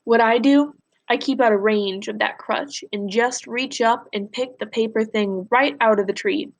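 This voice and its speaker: Female teacher, higher register, animated read-aloud of a novel for students. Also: moderate pace. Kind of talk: reading a novel aloud in a recorded lesson.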